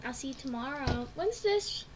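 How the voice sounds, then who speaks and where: Excitable high-voiced woman gaming streamer. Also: normal speed, very noisy. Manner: excitable, gasping and squealing reactions. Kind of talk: casual let's-play commentary. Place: home at a computer. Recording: keyboard clicks in background. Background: typing on a keyboard.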